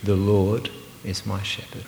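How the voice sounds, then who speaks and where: Earnest preacher in an echoing hall. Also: male voice, fairly low pitch, completely flat delivery, unhurried, vocal fry, a little hiss or hum. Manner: earnest, builds to emphatic declarations then drops to hushed meditative repetition. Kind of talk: sermon. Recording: roomy hall with long reverb.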